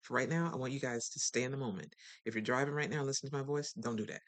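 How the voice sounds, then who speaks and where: A lively host speaks directly to listeners in a casual, motivational self-help chat. The middling-pitched voice stays animated and conversational, quickly slipping into impressions of other people.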